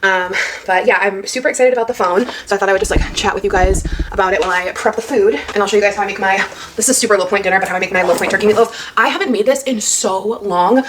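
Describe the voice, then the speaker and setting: Fast-talking, excitable woman vlogger. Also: medium pitch, background noise. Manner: chatty and excitable, many fillers. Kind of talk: casual chat while cooking. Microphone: phone camera.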